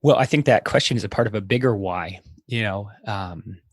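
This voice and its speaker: A man's voice: on the low side, brisk, no echo, studio quality. A man in his thirties, a father and podcast guest, telling family stories in a thoughtful way with frequent fillers. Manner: storytelling, thoughtful with frequent fillers and light laughs. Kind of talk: casual podcast conversation.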